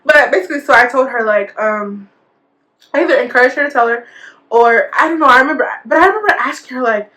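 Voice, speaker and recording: A young woman recounts a school-days story to her viewers in a loose, conversational way. She fills her talk with fillers and acts out quoted lines. Her voice sits a little higher than most women's. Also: quick pace, sharp tone. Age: young adult. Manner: chatty, full of fillers and quoted dialogue, laughs often. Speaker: storytime vlogger. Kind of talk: casual storytelling.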